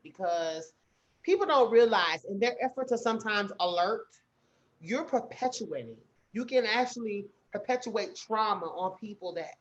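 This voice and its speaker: A woman's voice: mid-range voice, highs cut off. A woman co-hosting a podcast, telling a story in casual chat and acting out the people in it. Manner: animated storytelling with quoted voices. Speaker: podcast co-host.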